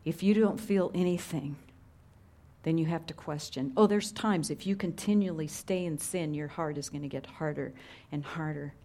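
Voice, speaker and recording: Brief: middle-aged woman pastor, lower voice, chatty and earnest, goes quiet for weight. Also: moderate pace. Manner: conversational, earnest, drops to hushed tones for emphasis. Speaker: preacher. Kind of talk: sermon.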